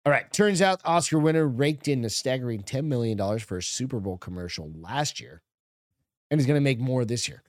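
A man's voice: medium pitch, lively intonation, fairly quick, no echo, clean studio sound. Blunt, foul-mouthed man from New Hampshire. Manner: blunt, heavily profane. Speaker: podcast co-host. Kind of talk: casual chat.

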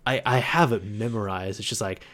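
A man hosting a casual podcast, telling stories in a chatty, animated way. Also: lowish voice, a little fast. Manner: chatty storyteller, animated retellings. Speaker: podcast host. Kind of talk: casual chat.

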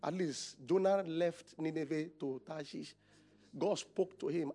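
A Nigerian male pastor preaches a conference sermon in call-and-response style, shouting out questions for the congregation to answer. His voice is fairly high and unhurried.

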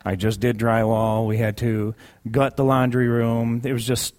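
A man at mid pitch tells a personal story to a congregation in an easy, conversational way. He leans hard on key words and repeats phrases for emphasis, dropping low and quiet at times. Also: little pitch movement, a little slow. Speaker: speaker sharing a personal testimony. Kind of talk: sermon storytelling.

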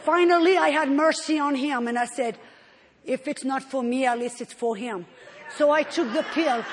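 A woman preacher giving an emotional, expressive testimony in a sermon. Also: sits high, moderate pace, slight background noise. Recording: long hall reverb.

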